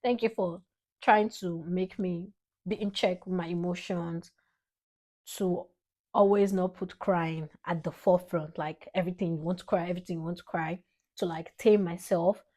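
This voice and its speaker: Talking straight to camera, a young Nigerian-accented vlogger pays a heartfelt tribute to her father in an expressive, slightly dramatic way. Her lowish voice moves at normal speed, shifting from soft, fond remarks to bursts of laughter as she thanks him.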